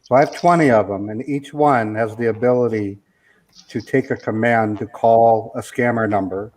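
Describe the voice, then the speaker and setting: A methodical man with an ordinary mid-range voice, laying out a technical process step by step. His delivery stays measured and clear. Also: medium pitch, fairly even intonation, a little mellow, rough recording. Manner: methodical, explanatory. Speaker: guest scam baiter. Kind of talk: technical explanation.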